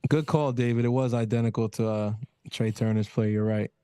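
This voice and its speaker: A man's voice: medium pitch, fairly even intonation, brisk, dark tone, clear, resonant tone, dry recording, clean studio sound. A man co-hosting a casual baseball watch party, bantering easily, laughing often and calling plays. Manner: laughs often, easygoing banter, play-by-play remarks.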